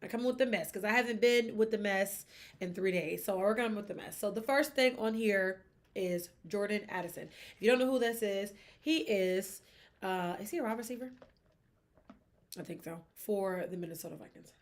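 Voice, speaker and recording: A young woman hosting a sports podcast, talking in a chatty, expressive way with emphatic asides. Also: medium pitch, moderate pace. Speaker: podcast host. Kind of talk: casual sports gossip chat.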